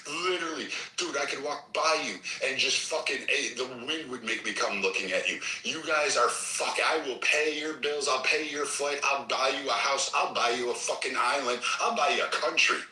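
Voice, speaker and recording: A man's voice: medium pitch, normal speed, hardly any pauses, bright, forceful tone, roomy sound, distant mic, slight background noise, rough recording. A man hosting a heated political argument, ranting aggressively and swearing constantly. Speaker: host. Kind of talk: heated political argument on a live audio app.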